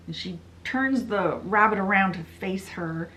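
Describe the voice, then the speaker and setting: A young adult woman giving a chatty, animated recap of a novel on her vlog. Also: medium pitch, unhurried, few pauses, slight background noise, low-quality recording. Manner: chatty, animated retelling with quoted voices. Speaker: book vlogger. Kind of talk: casual story recap.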